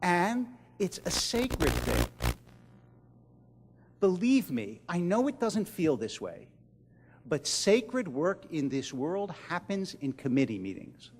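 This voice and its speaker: Expressive man telling stories to a crowd. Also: high voice, in a large hall, a little hiss or hum. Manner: dramatic pauses, drops to a hush at key lines. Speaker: rabbi giving a keynote speech. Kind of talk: storytelling speech to an audience. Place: large event hall.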